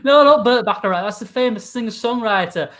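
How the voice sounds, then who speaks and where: Animated improv host. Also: male voice, sits high, a little fast. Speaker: improv performer and show host. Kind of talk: improvised comedy livestream.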